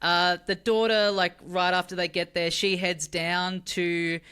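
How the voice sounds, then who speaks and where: Bright, clear New podcast voice. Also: medium pitch, flat delivery, a little slow. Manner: rambling recap with fillers and restarts. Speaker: podcast co-host. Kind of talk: casual chat, recapping a show.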